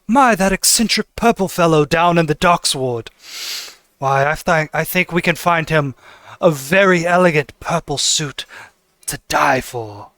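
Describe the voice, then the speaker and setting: A man's voice: fairly high pitch, a little slow, fairly bright tone, no echo. Man putting on a silky menacing tailor. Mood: silky disdainful. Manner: polite, silky and ominous. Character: smooth elegant menacing male tailor of assassins.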